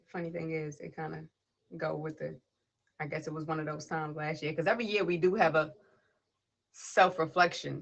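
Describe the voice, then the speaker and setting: A woman with a lowish, creaky, fairly bright voice hosts a poetry livestream, reading a spoken word piece before chatting casually and greeting viewers and passersby by name. It's a rough recording made on a tablet device.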